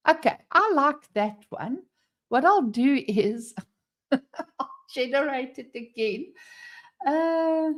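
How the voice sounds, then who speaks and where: Chatty South African woman streamer. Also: a little high. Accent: South African English. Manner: chatty, laughs often, reads chat aloud. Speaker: livestream host. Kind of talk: casual live-stream chat. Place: home with front door open.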